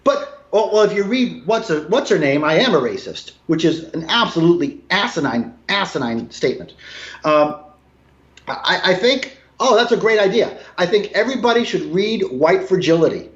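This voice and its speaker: A man in casual conversation from his apartment, talking emphatically, swinging between low mutters and raised, swearing outbursts. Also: sing-song, moderate pace. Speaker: guest. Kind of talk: casual video call conversation. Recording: roomy, dull lo-fi sound.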